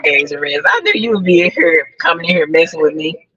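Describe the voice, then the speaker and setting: A woman's voice: sits low, expressive, fairly quick, fairly bright tone, slightly rough, no echo, muffled recording. A woman live-streaming casual chat to her viewers from a parked car, talking freely, repeating herself and laughing often. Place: parked car outside a building.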